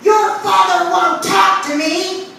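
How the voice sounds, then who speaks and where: A woman puts on a stubborn, fiery retired mother who shrieks in a high, strained voice. She shouts every word in outrage. The sound comes from across an echoing room with noise underneath. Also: steady tone, slow, creaky, full character voice. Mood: yelling. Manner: shouting, indignant. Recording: echoey room from a distance with background noise.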